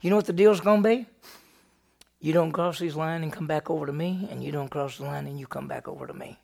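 A man teaching through a Bible passage in a sermon, animated and firing rhetorical questions at his listeners. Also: on the high side, fast, gravelly.

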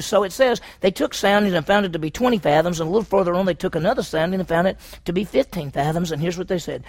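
A man's voice: high-pitched, fast, hardly any pauses. A man preaching a sermon on a Bible passage, asking his listeners questions and acting out what people said. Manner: asks the audience questions, acts out quotes.

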